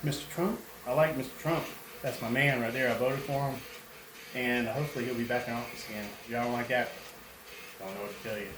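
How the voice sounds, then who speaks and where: A man's voice: mid-range voice, fairly quick, fairly bright tone. A man, chatting in a folksy, opinionated way while he works on a bee removal inside a house. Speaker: bee removal worker and vlogger. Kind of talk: casual rambling talk to camera. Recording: echoey room, faint background noise.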